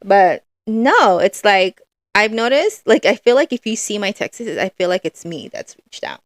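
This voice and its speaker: Woman cohost, halting and unsure, dead dry mic. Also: medium pitch, big pitch swings, no room sound. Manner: hesitant, halting. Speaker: podcast co-host. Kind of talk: casual chat.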